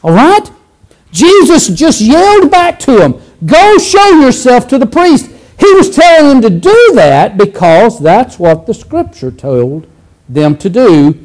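Animated, high-voiced male preacher. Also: a little slow, low-quality recording. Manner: animated, conversational, acts out scenes, frequent restarts. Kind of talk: sermon.

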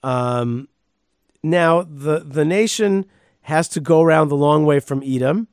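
A man, a rabbi, giving a casual Torah lesson in a somewhat high voice. He reads verses aloud and then riffs freely, with restarts and sudden emphatic outbursts. The sound is close and dry, with no room echo. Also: takes it slowly. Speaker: rabbi and podcast host.

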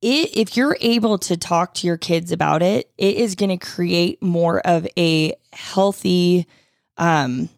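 Low-pitched woman, earnest parenting chat. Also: slow pace, vocal fry, no echo, clean studio sound. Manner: earnest, reflective advice with wry interjections. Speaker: parenting podcast co-host. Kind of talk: casual chat.

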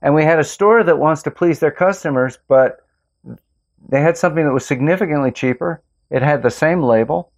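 A man who farms organic tomatoes, hosting a casual interview and telling stories in an earnest, relaxed way. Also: fairly high pitch, brisk. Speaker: host, organic tomato farmer.

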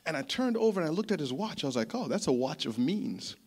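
Pastor guy preaching, chatty and animated, kinda high voice, repeats himself a lot. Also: fast talker, slightly rough. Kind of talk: sermon storytelling.

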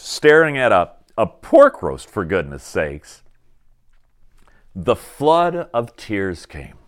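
A middle-aged man preaching a sermon, reflective and pausing to let his points sink in. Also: fairly low pitch. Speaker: pastor.

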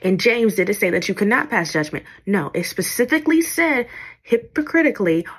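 A woman's voice: mid-range voice, lively intonation, brisk, husky. A woman teaching the Bible in an informal podcast style, often checking in with "okay?".

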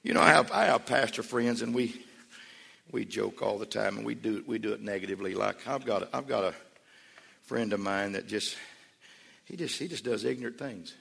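A man's voice: lowish voice, normal speed, gravelly, sharp tone, slightly rough. A man pastor preaching a sermon in a church, emphatic and repetitive. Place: church sanctuary. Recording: long church reverb.

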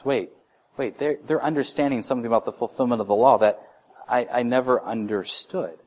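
A man's voice: mid-range voice, brisk, darkish tone, slight background noise. A man in his thirties preaching a sermon in a conversational way, restarting phrases and acting out short voices. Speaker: pastor.

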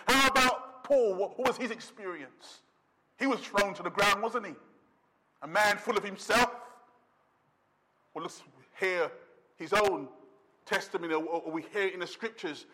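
A man preaching a sermon as pastor, emphatic, slowing down to stress words and dropping to a quiet intensity. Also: high voice, background noise.

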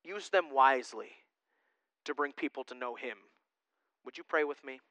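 A man preaching a sermon to his congregation in a lively, conversational way, often checking in with "right?". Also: mid-range voice, normal speed, no echo, rough recording. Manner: animated, conversational preaching with frequent "right?" asides. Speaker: pastor. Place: church sanctuary.

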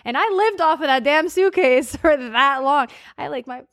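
An American woman telling stories in casual chat as a podcast co-host, animated and laughing often. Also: sits high, normal speed, no echo, studio quality. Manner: animated storyteller, laughs often, quotes herself.

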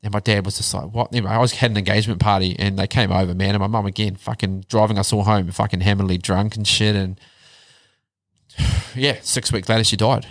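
A man telling his life story in a casual chat, blunt and animated, swearing heavily. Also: lowish voice, brisk, no room sound. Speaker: podcast guest.

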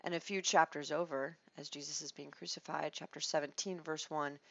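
This Bible teacher's voice is somewhat low and creaky, and she speaks fairly quickly. She leads a conversational study expressively, acting out quoted lines and restarting phrases as she goes. The dull, lo-fi recording is dry, with no room sound at all.

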